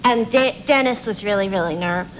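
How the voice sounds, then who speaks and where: A woman's voice: mid-range voice, fairly quick, a little hiss or hum, low-quality recording. A woman who is an actress guest on a talk show, talking in a chatty, rambling, self-mocking way.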